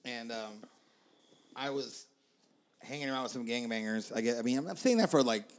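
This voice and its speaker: A man from Puerto Rico telling stories in casual podcast chat, lively and acting out voices. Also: medium pitch, moderate pace. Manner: lively storyteller, acts out voices.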